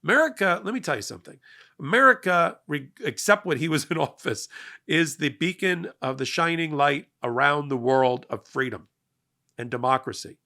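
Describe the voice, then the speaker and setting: Middle-aged male host, gravelly and bright-toned, emphatic and energetic political commentary. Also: on the high side, normal speed. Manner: emphatic, energetic, rising to loud peaks. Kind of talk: passionate political monologue.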